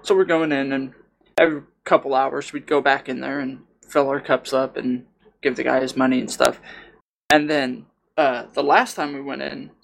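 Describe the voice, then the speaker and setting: Young guy rambling on a podcast, gravelly fry in his voice, lots of "like" and "dude". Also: medium pitch, fairly even intonation, normal speed. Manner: rambling storyteller, many fillers like "like" and "dude". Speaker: podcast co-host. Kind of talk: casual chat.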